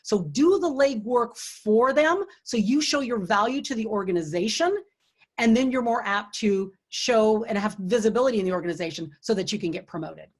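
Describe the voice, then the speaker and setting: Earnest and encouraging, this husky-voiced woman gives leadership advice as author and host of an online book launch, telling stories over a computer or webcam mic. Her fairly high voice has lively intonation at a normal speed, and she drops to a hush when describing quiet moments.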